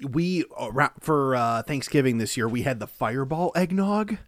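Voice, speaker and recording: A man's voice: mid-range voice, animated, normal speed, no room sound. A man co-hosting a podcast in casual chat, rambling and joking crudely with many filler words, into a studio mic. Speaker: podcast co-host.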